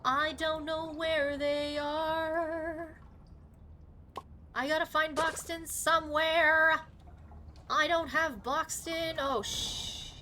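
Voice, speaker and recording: Woman gamer, live commentary, unhurried delivery, faint noise behind, prone to cursing. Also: sits high. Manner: chatty, swears often, talks to chat; excitable reactions, sudden outbursts. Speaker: live streamer.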